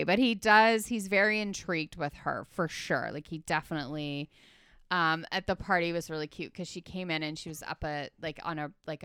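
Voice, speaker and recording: A woman's voice: sits low, a bit bright, clean tone, no echo, studio quality. A woman in casual chat, retelling a film scene by scene with lots of fillers and acting out the characters' lines. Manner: chatty, filler-heavy, acts out the characters' lines.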